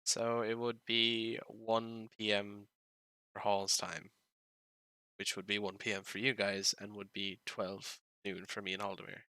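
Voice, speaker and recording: A man's voice: lowish voice, little pitch movement, measured pace, bright, forceful tone, smooth, dry recording, studio quality. A man with an Irish accent, hosting a stream, chatting casually and easily and laughing often as the session winds down. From Ireland. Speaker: game master and stream host. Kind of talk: casual chat at the end of a stream.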